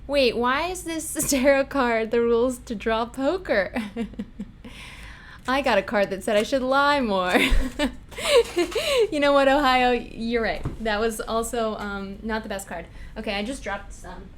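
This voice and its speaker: A woman streaming from an indoor home setup, talking in a higher-pitched, chatty way and giggling often as she answers her viewers. Her casual tarot readings move quickly, and a faint room hum sits behind her voice. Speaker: livestream host.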